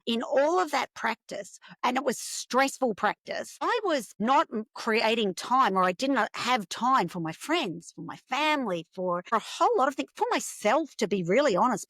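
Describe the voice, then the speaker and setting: A woman's voice: fairly high pitch, no echo. A woman, a podcast guest telling a personal story with feeling and acting out the voices of the people in it. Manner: animated, acts out dialogue in quoted voices.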